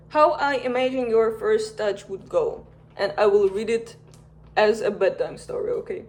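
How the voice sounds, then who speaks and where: A young woman reading a cozy scenario as a bedtime story, soft and unhurried, with casual chatty asides to her viewers. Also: mid-range voice, a little hiss or hum. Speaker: fan content creator.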